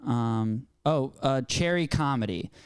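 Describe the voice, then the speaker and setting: A young man hosting a comedy podcast, chatting in a rambling, halting way. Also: mid-range voice, clear, resonant tone, no room sound, clean studio sound. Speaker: podcast host. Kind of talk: casual comedy podcast chat.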